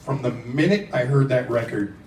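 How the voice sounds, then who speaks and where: A man from Philadelphia, a rock singer, telling a casual anecdote in an animated, profane, self-deprecating way and acting out the quotes. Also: mid-range voice, moderate pace, a little hiss or hum. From Philadelphia, USA. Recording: roomy echo, distant mic, faint music.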